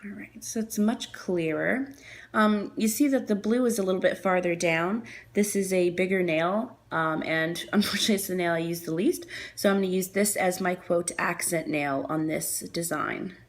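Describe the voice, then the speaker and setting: Woman host of a nail art tutorial, low and gravelly, casual and chatty, recorded on the camera mic. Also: normal speed. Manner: chatty, apologetic, thinking aloud with fillers.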